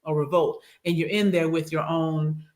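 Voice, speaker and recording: A woman recounting a personal trip in casual podcast chat, animated and acting out what others said, on a studio microphone. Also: sits low, moderate pace. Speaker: regular co-host and guest.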